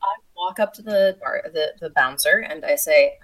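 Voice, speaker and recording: A woman with a low voice plays her character at a tabletop game. She talks in a wry, self-mocking way, often mid-joke with the others. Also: normal speed, few pauses, a bit bright, low-quality recording. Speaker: player.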